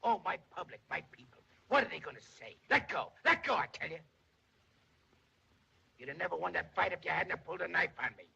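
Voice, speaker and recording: An actor playing a shrunken, boastful, self-pitying little man in a 1930s film comedy, with a gravelly, raspy voice and a theatrical manner full of grand words and wordplay. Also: fairly high pitch, expressive, fairly quick, pushed and bright, exaggerated voice. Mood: pleading. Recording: dull lo-fi 1930s film soundtrack.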